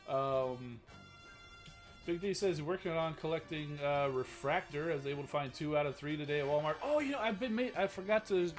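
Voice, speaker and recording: A man's voice: on the high side, moderate pace, soft background music. A man hosting a live stream, chatting casually about toy news and reading out chat questions, rambling with many restarts. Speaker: stream host.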